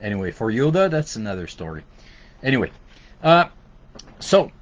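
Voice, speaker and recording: A man with a Québécois French accent hosts a casual bilingual podcast, speaking at normal speed in a fairly low voice with big pitch swings. His talk is loose, with many fillers and restarts.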